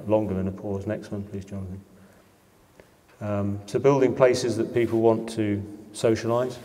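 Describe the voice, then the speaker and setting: A middle-aged man with a somewhat low voice speaks to an audience in a lecture hall, his words trailing into a long reverb. He talks informally and conversationally as a developer explaining his work, leaning on "you know" and small hesitations. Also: a little mellow. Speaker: property developer giving a public lecture.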